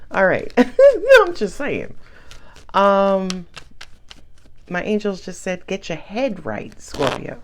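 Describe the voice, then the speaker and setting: A woman giving a casual tarot reading, chatty and sassy, with frequent laughs. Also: mid-range voice. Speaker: tarot reader.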